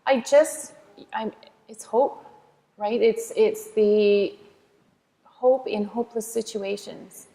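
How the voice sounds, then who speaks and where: A woman's voice: a little high, fairly even intonation, takes it slowly, creaky, long pauses, warm tone. A woman giving an earnest, emphatic faith testimony as an interview guest, often restarting her sentences. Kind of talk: heartfelt faith testimony in conversation. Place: church. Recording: echoey hall reverb.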